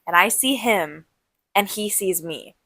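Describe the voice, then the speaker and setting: A young woman in college, co-hosting a podcast, telling a long personal story in a rambling, animated way with quick asides. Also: medium pitch, dry recording. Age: young adult. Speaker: podcast co-host. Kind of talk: casual storytelling chat.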